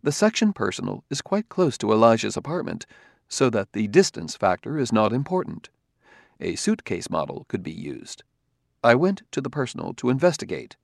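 A man voicing a calm, precise male humanoid robot detective who speaks in a measured, formal, logical way. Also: medium pitch, gravelly, no echo, clean studio sound. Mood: composed.

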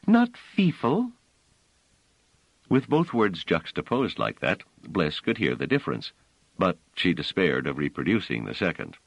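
A man narrating an audiobook with expressive storytelling. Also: rumbling low, normal speed, gravelly, no echo, rough recording. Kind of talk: scripted narration.

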